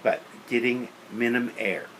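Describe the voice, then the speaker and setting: A man's voice: medium pitch, unhurried, a bit bright, low-quality recording. A man lecturing on teaching beginner band, practical and opinionated, counting and singing rhythms aloud. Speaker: music teacher.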